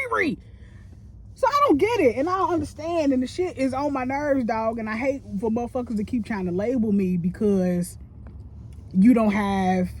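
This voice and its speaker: A woman who works as a cook, venting about her job in a profane, animated rant while she eats on camera, talking close into a phone. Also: a little hiss or hum. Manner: profane, animated, with big swings in pitch. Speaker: line cook. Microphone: phone held close.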